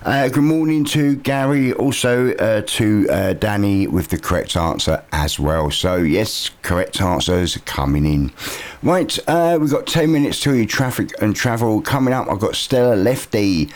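A man's voice: fairly low pitch, measured pace. A man presenting a local morning radio show, chatting casually with lots of "uh" fillers. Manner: relaxed and chatty, with frequent "uh" fillers. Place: radio studio.

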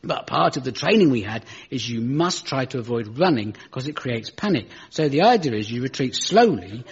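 A man's voice: big pitch swings, normal speed, husky, muffled recording. A British man doing stand-up comedy on a radio show, dry and self-mocking, taking questions from a studio audience. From Britain. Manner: dry, self-mocking, rises to exasperated high pitch.

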